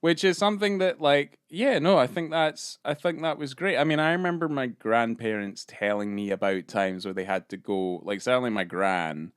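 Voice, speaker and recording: A man's voice: mid-range voice, moderate pace, few pauses, clear, resonant tone, no room sound, studio quality. A man co-hosting a podcast in casual, rambling chat full of fillers and hesitations. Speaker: podcast co-host.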